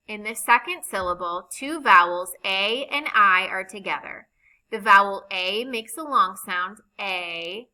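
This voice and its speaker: A woman records a reading lesson at a slow, careful pace. Her voice is very bright and clear, and she lingers on each example word and vowel sound. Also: medium pitch, rough recording. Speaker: reading teacher.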